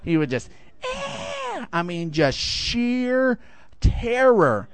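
A middle-aged man preaching a sermon, telling a lively personal story and swinging high for the quoted voices. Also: slow pace. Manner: animated storytelling, rising high for acted quotes. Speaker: pastor.

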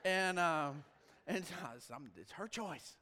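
A man in his forties, a pastor telling a long personal story in a sermon, shifting from lively quoted dialogue to hushed asides. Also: mid-range voice, normal speed. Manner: storytelling, animated with quoted dialogue and sudden drops to quiet. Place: church sanctuary. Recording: long reverb of a large church hall.

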